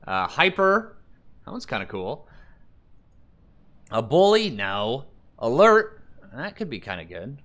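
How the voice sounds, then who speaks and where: A man's voice: medium pitch, huge pitch swings, slow pace, pauses often, fairly bright tone. A man casually commenting on a survival game while picking options and reading the screen text aloud. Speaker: let's play gamer.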